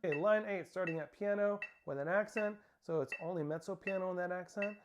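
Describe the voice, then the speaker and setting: A man's voice: high-pitched, fairly quick, over loud music. Man counting off snare drum drills. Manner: counts aloud and calls out stickings and cues. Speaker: percussion instructor. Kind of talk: snare drum lesson instruction. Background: snare drumming.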